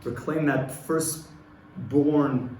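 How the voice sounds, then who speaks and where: A man gives an earnest Torah lesson to a small group, his delivery rhythmic and rising louder when he drives a point home. The room around him is echoey, with a faint hum of ambience underneath. His pitch sits in a middle register. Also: steady tone, drawn-out words. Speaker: rabbi teaching a class. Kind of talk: Torah class lecture.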